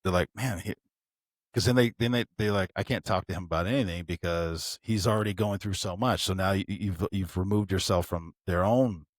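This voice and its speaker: A deep-voiced man gives earnest advice in a relaxed podcast chat. He thinks aloud and often restarts his sentences. The sound is dry and close to the mic. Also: a little fast, no room sound. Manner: earnest, reflective, with frequent restarts. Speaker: podcast co-host. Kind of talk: candid casual chat.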